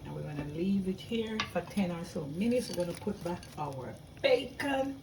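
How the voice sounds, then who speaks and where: A woman hosting a casual cooking vlog, chatty and excitable, talking to her viewers as she cooks in her home kitchen. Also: on the low side, moderate pace, vocal fry. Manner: chatty and excitable, often calling viewers "guys". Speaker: cooking channel host. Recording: voice far from the mic over loud boiling pot noise.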